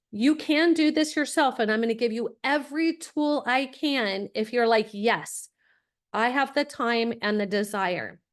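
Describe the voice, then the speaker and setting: A middle-aged woman hosting a webinar on college planning, telling family stories in a lively way and acting out the voices she quotes. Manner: animated, acts out quoted voices with big pitch jumps. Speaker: webinar host and college consultant. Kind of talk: lively storytelling presentation.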